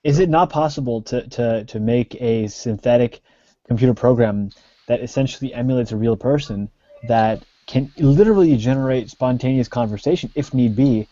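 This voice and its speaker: A man's voice: medium pitch, normal speed, warm tone, no echo. A man in a casual online debate, pressing his point insistently and repeating words as he pushes on. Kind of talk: casual group debate on a video call. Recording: dull lo-fi call audio.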